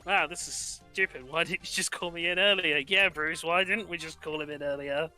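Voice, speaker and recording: Man, sarcastic ranting, gaming chat, very bright tone, high pitch. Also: fairly even intonation, normal speed, soft background music, low-quality recording. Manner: ranting and sarcastic, swears freely. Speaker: co-host.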